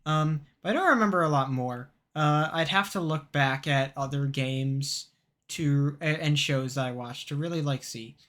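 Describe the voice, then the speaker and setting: A young male podcast co-host tells a story in casual chat with a bright, forceful voice pitched a little high for a man. He rambles and halts, restarting often and filling gaps with lots of ums and uhs.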